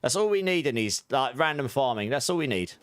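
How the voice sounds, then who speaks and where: A man's voice: mid-range voice, very animated, fairly quick, clean tone, no echo. A young man livestreaming a game, chatting casually with his viewers and thanking them, his voice a little sore. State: slightly sore voice. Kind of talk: casual gameplay chat with viewers.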